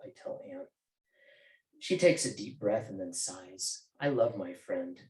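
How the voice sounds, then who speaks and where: A man's voice: on the low side, animated, measured pace, a little mellow. A male author reading from his novel at a bookstore event, with casual joking asides. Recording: roomy bookstore echo.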